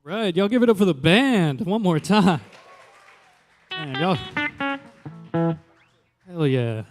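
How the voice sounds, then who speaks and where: Wry high-voiced male stand-up comic. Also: big pitch swings, music in the background. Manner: casual, wry, quick bursts of exasperated questions. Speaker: stand-up comedian. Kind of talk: stand-up comedy. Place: comedy show stage.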